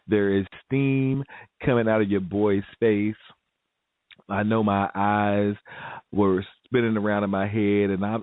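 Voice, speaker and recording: A man telling a story in a casual vlog, animated and laughing often, jumping to a higher pitch to act out what people said. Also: dry recording. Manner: animated, laughs often, acts out quoted voices in a high pitch. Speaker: vlogger. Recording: dry, phone-like audio.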